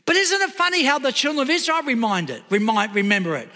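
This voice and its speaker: High, bright-voiced preacher in a hall. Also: male voice, animated, quick pace. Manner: emphatic, asks the audience rhetorical questions. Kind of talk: sermon.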